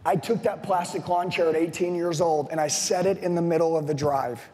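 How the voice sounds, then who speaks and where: A man's voice: fairly high pitch, fairly even intonation, a little fast, warm tone, long reverb tail. A man in his forties, a sales trainer giving an intense, blunt motivational speech to a live audience, swearing and hammering repeated lines. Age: 40s.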